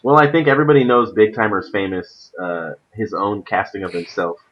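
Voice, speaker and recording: A man's voice: lowish voice, a little fast, lo-fi sound. A man hosting a casual gaming stream, rambling and often laughing. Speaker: stream host.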